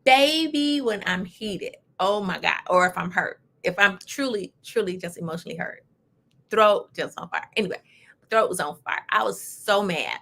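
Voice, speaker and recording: A woman hosting a casual talk show, telling a personal story in an animated, emphatic way with lively asides. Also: mid-range voice, moderate pace, creaky. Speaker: host.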